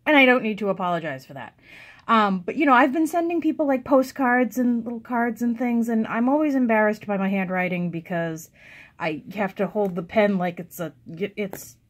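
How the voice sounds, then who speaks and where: A woman's voice: medium pitch, moderate pace. A woman chatting casually to viewers in a hobby vlog, self-deprecating and talkative. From United States. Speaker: cross-stitch vlogger.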